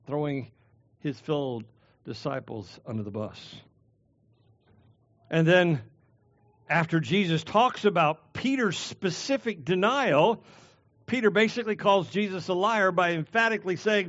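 High-pitched pastor man preaching, punchy emphatic delivery, dry slightly dull sound. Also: expressive, a bit bright, no echo. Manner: emphatic preaching with dramatic pauses and shifts in volume. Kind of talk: sermon.

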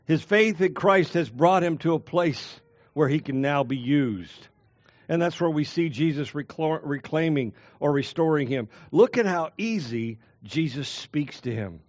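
High-voiced earnest male preacher. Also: expressive, no room sound, dull audio. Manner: earnest, emphatic repetition with slow stressed phrases. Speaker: pastor. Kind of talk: expository sermon.

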